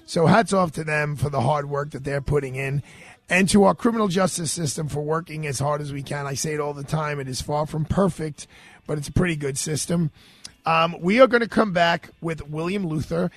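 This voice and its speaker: Animated male radio host telling a story. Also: on the high side, a little fast. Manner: animated, acts out quoted voices. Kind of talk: casual storytelling monologue.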